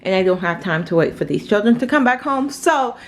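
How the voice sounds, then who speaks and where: A woman from Jamaica hosting a casual family vlog at home, chatting in an unhurried way with many filler words. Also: mid-range voice, lively intonation. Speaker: mother and family vlog host. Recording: noisy home recording.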